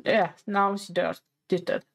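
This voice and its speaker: Woman, gameplay commentary, chatty, plays the baby, playfully demanding, mid-pitched voice. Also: little pitch movement, a little slow, gravelly.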